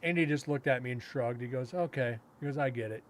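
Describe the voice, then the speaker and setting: A man with a medium-pitched voice, a paranormal investigator and podcast host, casually tells a long story over slight hiss or hum. He rambles with frequent fillers and self-restarts, chuckles, and acts out other people's lines in quick quotes.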